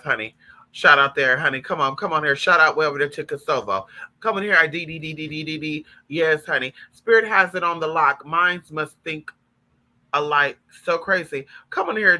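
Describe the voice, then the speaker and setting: A man's voice: fairly high pitch, pushed and bright, rough recording. A man, talking in a sassy, profane and emphatic way as he chats on a live stream with viewers about spiritual practice.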